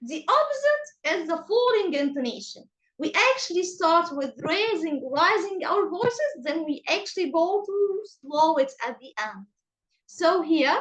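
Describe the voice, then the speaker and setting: A high-voiced woman with an Egyptian accent teaches English over a video call. She takes her time and stresses each word. Her pitch swings widely as she models questions and statements. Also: big pitch swings, a bit bright, poor audio. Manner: slow, emphatic, exaggerated rising and falling pitch. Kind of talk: online class teaching.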